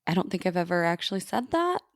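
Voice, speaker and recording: A woman's voice: on the low side, very animated, quick pace, no room sound, clean studio sound. A woman co-hosting a casual podcast chat, rambling with fillers and frequent giggles. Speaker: podcast co-host.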